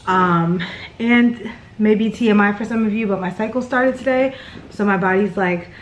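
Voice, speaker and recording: A tired woman talks straight into her handheld camera, rambling and chatty. Her voice sits at a middle pitch, with a faint hiss behind her. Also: normal speed. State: tired and out of breath. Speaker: vlogger. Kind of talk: casual vlog chat to camera.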